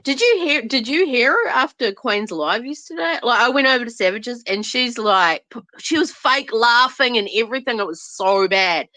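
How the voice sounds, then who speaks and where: A woman's voice: a little high, lively intonation, normal speed, hardly any pauses, sharp tone, dry recording. A woman hosting a livestream, gossiping in a casual, mocking way and laughing often. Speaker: livestream host.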